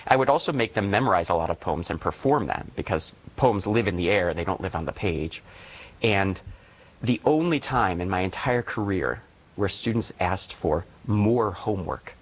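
A middle-aged man, a poet and former teacher, speaking in a thoughtful, measured way in an interview. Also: sits low, animated, poor audio. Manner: thoughtful, measured, enthusiastic about verse. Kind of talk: interview conversation.

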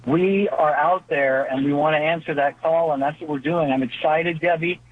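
A man's voice: fairly high pitch, fairly even intonation, normal speed, slight background noise. A man speaking as a seminarian co-host on a call-in religious radio show, filling his talk with "uh" and "you know", heard over the phone. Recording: tinny phone line.

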